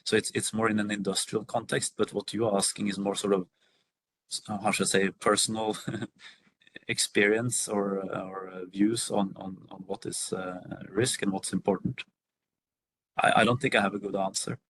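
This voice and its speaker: A man's voice: on the low side, little pitch movement, normal speed, fairly bright tone, husky, no room sound, rough recording. A man on a video call answering a workshop question, hesitant with many fillers and restarts. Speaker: workshop panelist.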